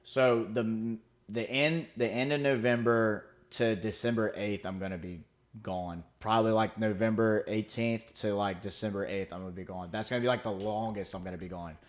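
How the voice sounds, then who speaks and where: Laid-back low-voiced young man rambling. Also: fairly even intonation, normal speed. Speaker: podcast co-host. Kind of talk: casual chat.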